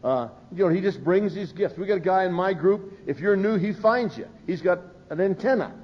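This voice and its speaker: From the podium of a recovery meeting, an older man with a high, animated voice tells humorous stories at a slightly fast clip, performing the voices of those he quotes. It's a dull, lo-fi live recording.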